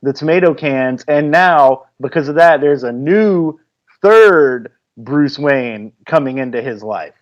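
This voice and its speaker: A man's voice: mid-range voice, expressive, slow, lo-fi sound. A man co-hosting a film review, explaining plot details carefully in casual talk. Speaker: podcast co-host.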